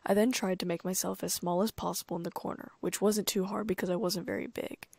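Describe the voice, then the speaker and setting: A woman narrating a first-person audiobook in a calm, even storytelling manner. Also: lowish voice, fast, gravelly, slightly rough, dry recording.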